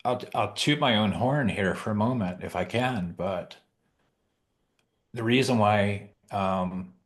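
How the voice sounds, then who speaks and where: A middle-aged man who works as a Santa, telling a heartfelt story with pauses, restarts and emotion. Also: lowish voice. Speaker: professional Santa performer. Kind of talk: heartfelt storytelling in a group chat.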